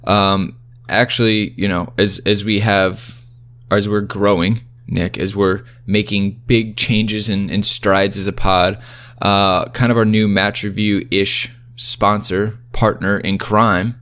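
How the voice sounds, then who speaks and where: Easygoing low-voiced male podcast host. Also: flat delivery, slow, a bit bright. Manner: easygoing, moves the show along. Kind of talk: casual podcast hosting.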